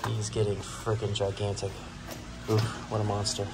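Over heavy background noise, a man with a fairly low voice talks at a moderate pace straight to the camera. He's a tattoo artist who keeps reptiles, and in this casual vlog he chats energetically about feeding them and about tattooing, talking to his animals as he goes.

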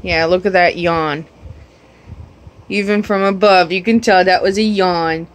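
A woman's voice: lowish voice, fairly even intonation, measured pace. A woman at home talking to her pets in a teasing, sing-song baby-talk voice. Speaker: pet owner filming her animals. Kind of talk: casual pet talk.

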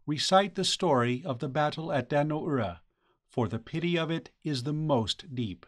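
A man voicing the solemn matron of a ghostly noble court in an audiobook ghost story, speaking in a hushed, formal way. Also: on the high side, animated, moderate pace, voice pushed up. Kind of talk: audiobook character reading.

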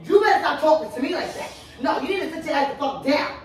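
A high-pitched woman scolds her partner in a heated, profane rush, cutting him off again and again. She sounds well away from the mic, with the living room ringing around her voice. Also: animated, quick pace. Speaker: vlogger girlfriend. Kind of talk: casual couple prank video. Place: home living room, on a couch. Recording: roomy echo, distant mic.

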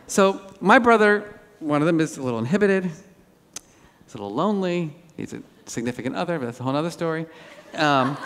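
Animated man giving a keynote in a hall. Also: a little high. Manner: animated storytelling with self-deprecating humor. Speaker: keynote speaker. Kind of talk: lively conference keynote. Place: large auditorium. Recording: hall reverb.

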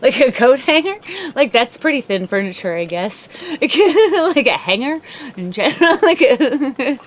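A woman's voice: sits high, sing-song, unhurried. A woman co-hosting a casual chat show, laughing often and swearing as she talks. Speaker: podcast co-host.

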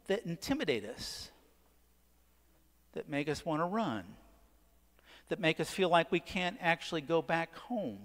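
Male pastor, slightly high voice, unhurried sermon delivery with dramatic pauses, long church reverb. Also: pushed and bright. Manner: questions the congregation, dramatic pauses. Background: church sanctuary.

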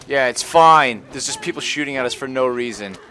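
A man giving live gameplay commentary on a stream, often frustrated and cursing with loud outbursts. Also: mid-range voice, a little fast. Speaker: gaming livestreamer.

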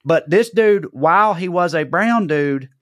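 A man with a Southern US accent, a comedian co-hosting a podcast and telling a story in casual chat, animated and jumping high when he gets indignant. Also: a little slow, no room sound, clean studio sound. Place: podcast studio.

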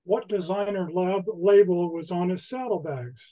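A woman hosting an online trivia game, reading questions slowly and deliberately with a light laugh now and then. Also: lowish voice, narrow, tinny audio. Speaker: trivia host.

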